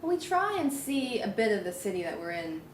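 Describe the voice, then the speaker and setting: A woman's voice: mid-range voice, sing-song, fairly quick, a little hiss or hum. Easygoing American woman musician. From United States. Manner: easygoing, laughing. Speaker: musician guest. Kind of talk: casual interview chat. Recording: roomy room.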